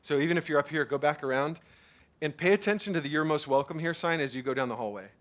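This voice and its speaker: A man in his thirties or forties, preaching a sermon at a church service in an animated, conversational way, full of fillers and repeated words. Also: fairly high pitch, fast. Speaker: pastor.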